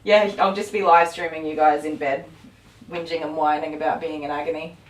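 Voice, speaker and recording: A rambling, chatty middle-aged woman with a fairly low voice talks on a casual live stream, full of ums and easy laughs. She sits back from the mic in a roomy space, with electric clippers buzzing behind her. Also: fairly even intonation, brisk, recorded from a distance, slight background noise. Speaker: dog groomer and live stream host. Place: grooming salon.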